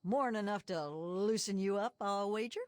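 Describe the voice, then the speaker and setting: A woman's voice: mid-range voice, normal speed, a little mellow, no room sound, clean studio sound, lightly acted. An actress voicing a sly, folksy backwoods moonshiner woman with a Southern drawl in a game. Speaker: game character.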